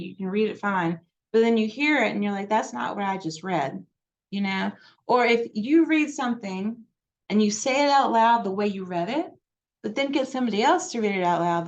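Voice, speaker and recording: A woman's voice: mid-range voice, dull audio. A woman presenting on genealogy at a library, in a chatty, digressive way with many fillers.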